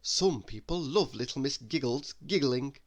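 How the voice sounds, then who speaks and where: Lively man reading a bedtime story. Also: medium pitch, unhurried. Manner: animated, asks the listener questions. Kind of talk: bedtime story read-aloud.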